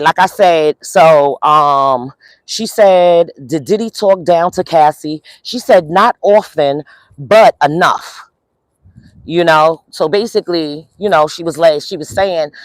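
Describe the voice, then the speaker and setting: A weary livestream host strolls near a courthouse, holding her phone and chatting with her viewers as she recaps the day in court. Her lowish voice is loaded with ums and you-knows, and the audio carries no room sound.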